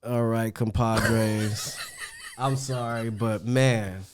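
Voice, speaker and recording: A man's voice: lowish voice, fairly even intonation, drawn-out words, background noise. A man co-hosting a podcast, speaking in a laid-back, brotherly way. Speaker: podcast co-host. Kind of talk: casual podcast chat.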